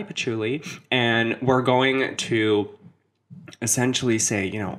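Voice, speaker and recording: Chatty, sarcastic young man hosting a vlog. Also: mid-range voice. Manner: chatty, sarcastic asides, jumps between topics. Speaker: witchcraft video host. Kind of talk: casual spell-making tutorial.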